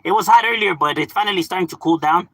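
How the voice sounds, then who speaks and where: A young man from Southern California chatting casually on a live stream, relaxed, swearing and laughing often. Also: high-pitched, fast, slightly rough, dry recording. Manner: laid-back, laughs often, drops swear words and slang. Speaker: livestream gaming host.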